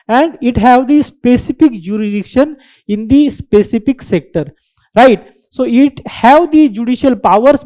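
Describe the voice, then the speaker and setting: A woman teaches an exam-prep lesson at an unhurried pace. Her voice is mellow and dark-toned. She stresses key terms, repeats them, and keeps asking "right?" to check that her listeners follow. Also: on the high side. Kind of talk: current affairs lecture.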